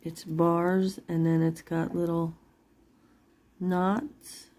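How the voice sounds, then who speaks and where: Slow, low-toned woman chatting while selling jewelry. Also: level tone, a little mellow, a little hiss or hum. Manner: chatty and rambling, laughs often, swears then apologizes. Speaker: online jewelry seller. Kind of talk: casual live-sale chat.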